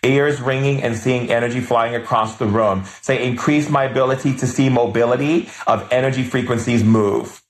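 A man leading a live spiritual healing session, reading viewer comments aloud and answering with soft, affectionate, chant-like commands. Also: medium pitch, fairly even intonation, normal speed, few pauses, roomy sound.

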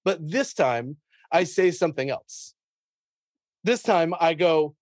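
A sales podcast host, a man with a slightly high, animated voice, talks energetically in a conversational interview, taking it slowly with long pauses. He laughs often and acts out his cold-call lines, and the studio sound is clean with no room sound.

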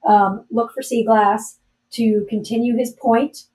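Mellow-voiced woman, a bit off-mic. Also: fairly high pitch, steady tone, slow, recorded from a distance, rough recording. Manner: earnest, emotional, self-deprecating humor. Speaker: podcast guest. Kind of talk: candid conversational storytelling.

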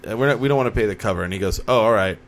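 Animated man telling stories. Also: lowish voice, very fast, a little hiss or hum. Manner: animated storyteller, acts out quotes. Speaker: podcast host. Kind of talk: casual chat.

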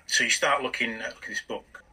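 A man narrating as game master of a tabletop game, halting, with many restarts. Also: medium pitch, bright, forceful tone, slightly rough, recorded from a distance, poor audio.

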